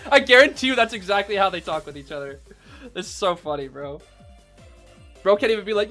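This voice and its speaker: A young man's lively, slightly high voice swoops up and down as he calls an esports match for his stream. He loops the same hyped phrases, laughs often and keeps tossing in "bro," while faint game music plays underneath. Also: a little fast, pauses often. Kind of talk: excited casual game commentary.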